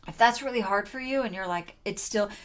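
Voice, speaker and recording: A young adult woman teaching a singing lesson in a relaxed, chatty way, with sung demonstrations between explanations. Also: fairly high pitch, fast.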